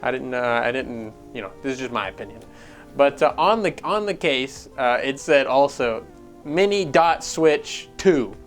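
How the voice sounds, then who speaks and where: A man hosts a casual gaming news rant, swearing freely and sneering sarcastically as he gets worked up. His voice sits at an ordinary middle pitch for a man. Faint music plays underneath. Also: normal speed. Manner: profane, excitable, sarcastic. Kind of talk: casual ranting commentary.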